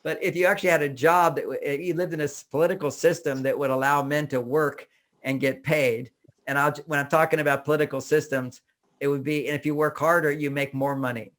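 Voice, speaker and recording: An older American man giving a relationship talk in a casual, animated way, acting out little cries and quoted voices. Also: fairly high pitch, fairly quick. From United States. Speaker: relationship author and speaker.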